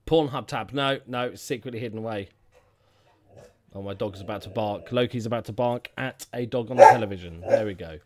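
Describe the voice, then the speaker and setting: A man's voice: fairly low pitch, fairly quick, darkish tone. A man hosting a casual live stream from home, jokey and rambling, humming filler sounds while he chats.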